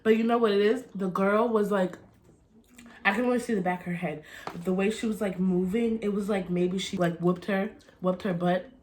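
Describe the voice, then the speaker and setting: A woman's voice: medium pitch, steady tone, normal speed, a little mellow, a little hiss or hum. A young adult woman chatting casually in a storytime vlog, retelling events dramatically with gasps and laughter. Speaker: vlogger telling a story.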